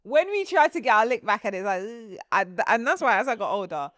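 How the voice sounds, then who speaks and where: A woman's voice: fairly high pitch, big pitch swings, fairly quick, fairly bright tone, no room sound, clean studio sound. A woman co-hosting a podcast in casual chat, giving frank, teasing advice full of slang. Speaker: podcast co-host.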